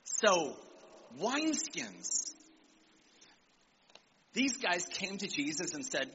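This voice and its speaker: An animated male preacher delivering a sermon to young people, with a high, bright voice. He calls out for amens and acts out quotes as he goes. The recording sounds a bit muffled, with a faint hiss behind him. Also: slow, pauses often. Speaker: visiting preacher. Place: church service in Nigeria.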